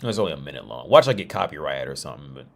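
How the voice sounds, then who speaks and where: A man's voice: a bass voice, very animated, racing, gravelly. A man talking on a casual livestream, rambling with many restarts and fillers. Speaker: streamer.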